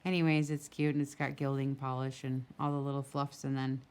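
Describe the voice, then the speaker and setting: Flipping through a handmade journal outdoors in a breeze, a craft shop owner chats casually into a camera mic, gushing with small asides along the way. Her bass voice is darkish and clean in tone, her delivery flat and fairly quick.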